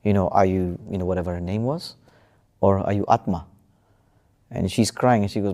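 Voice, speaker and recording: A man's voice: deep voice, steady tone, moderate pace, pauses often, dark tone. A man telling a true story as a podcast guest, hesitant, with many fillers and restarts. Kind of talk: casual storytelling in conversation.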